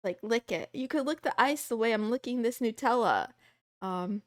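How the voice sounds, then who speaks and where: A woman's voice: a little high, expressive, moderate pace, no room sound, clean studio sound. A young adult woman streamer chatting casually and playfully with her live chat, rambling from topic to topic. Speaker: VTuber streamer.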